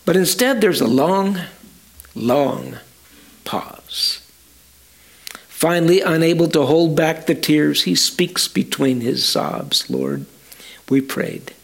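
A man telling a story in a sermon, slowly and dramatically, speaking directly to his listeners. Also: on the high side, gravelly. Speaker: storyteller preacher.

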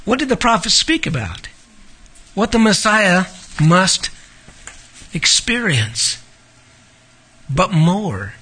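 Man, preacher, high-pitched, bright and forceful tone, expository sermon, reads scripture then comments, rhetorical questions. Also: sing-song, slow pace, long pauses, husky. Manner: asks the listeners rhetorical questions.

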